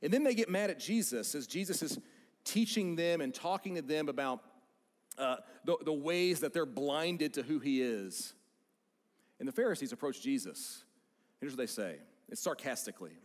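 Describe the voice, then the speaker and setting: An American man preaching a sermon as a pastor, in an animated, conversational way. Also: mid-range voice, normal speed, long reverb tail. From United States.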